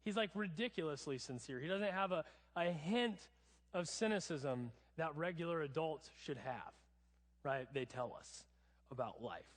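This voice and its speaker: Male preacher, conversational and wry, slightly raised pitch, recorded in a church with a long echo. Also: lively intonation, moderate pace. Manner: casual, chatty preaching with humor. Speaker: pastor. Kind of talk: sermon. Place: church sanctuary. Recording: long church hall reverb.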